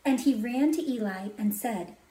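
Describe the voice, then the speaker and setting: A woman's voice: a little high, expressive, normal speed, warm tone. A woman preaching a testimony sermon, telling her story dramatically and dropping to a whisper for emphasis. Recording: echoey hall from far off.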